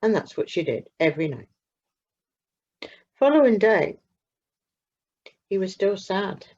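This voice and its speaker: A woman narrating a children's story in a slow, expressive way with dramatic pauses. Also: medium pitch. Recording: muffled lo-fi recording.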